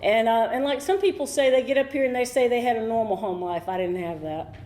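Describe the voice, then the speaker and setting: A woman's voice: on the high side, a little fast, darkish tone, a little hiss or hum. A middle-aged woman from North Carolina, speaking candidly and a little ramblingly at a recovery meeting. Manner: candid, rambling, emotional at times. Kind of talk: personal recovery talk. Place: meeting room.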